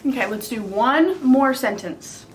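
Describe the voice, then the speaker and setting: A woman's voice: a little high, expressive, measured pace, slight background noise. A young woman teacher giving a patient, step-by-step writing lesson for young children. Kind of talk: early-grade writing lesson.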